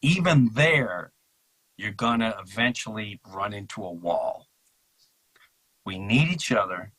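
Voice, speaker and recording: A man talking in an impassioned, animated way in a casual podcast conversation, acting out quotes in mocking voices. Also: on the low side, slow, slightly rough, poor audio. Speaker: podcast guest.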